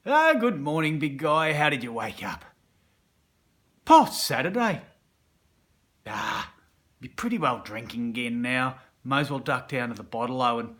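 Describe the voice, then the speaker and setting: An Australian man voicing his own tempting dark side as a cheeky, matey male inner voice that coaxes and parties. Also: medium pitch, sing-song, a little slow, pauses often. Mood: chummy. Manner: wheedling, boisterous, matey.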